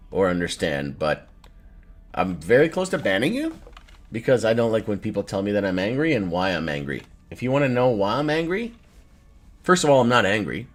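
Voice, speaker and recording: A man in his thirties hosting a casual live stream, reading chat aloud in a loose, profane way and laughing often. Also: low voice. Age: 30s. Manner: loose, profane, laughs often, swings between joking and irritated. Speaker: livestream host reading chat.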